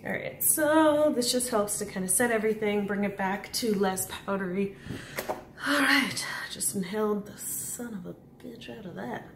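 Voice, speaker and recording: A woman's voice: medium pitch, normal speed, creaky. A woman chatting playfully as she talks through her makeup routine in a casual tutorial. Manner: chatty and playful, talking through each step. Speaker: beauty vlogger. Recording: echoey room with background noise.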